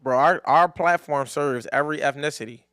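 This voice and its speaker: A young man with a high voice hosts a casual podcast chat. He tells sports stories with animated energy, lots of swearing and big laughs. The mic is close and dry. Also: brisk, clear, resonant tone, no echo. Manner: animated storyteller, swears freely, laughs loudly. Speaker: podcast co-host.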